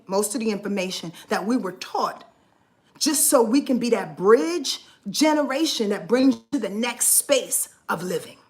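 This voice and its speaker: Earnest, rambling woman astrology vlogger. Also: a little high. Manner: rambling, earnest, swears freely; emotional, near tears at times. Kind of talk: heartfelt casual monologue.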